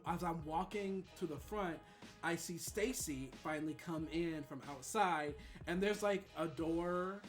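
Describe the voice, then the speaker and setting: High bright-voiced guy streaming, telling a wild story, swears a lot, faint music behind. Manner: animated, swearing, laughs often. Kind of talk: casual storytelling.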